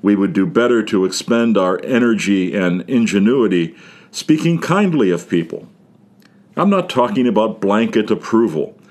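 A man preaching a sermon in a measured, wry storytelling manner. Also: lowish voice, expressive, darkish tone.

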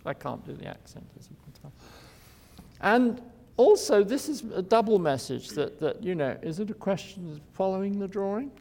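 An older architect giving a loose, wry lecture and chuckling at his own asides. His somewhat high voice has a gravelly edge. It carries a long echo from a lecture hall. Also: lively intonation, moderate pace, dark tone. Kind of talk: informal public lecture.

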